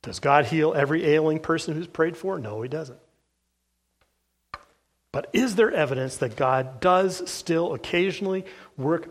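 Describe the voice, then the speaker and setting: A male pastor delivers a sermon, reading passages aloud from a book at an earnest, even pace. His voice sits a little higher than most men's, and he pauses now and then with a soft "uh". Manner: earnest, steady reading with filler "uh"s.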